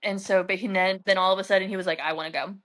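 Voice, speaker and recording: Woman podcast cohost just chatting, super animated, says like a lot. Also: medium pitch, racing. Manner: animated storyteller, heavy use of "like". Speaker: podcast co-host. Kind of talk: casual chat.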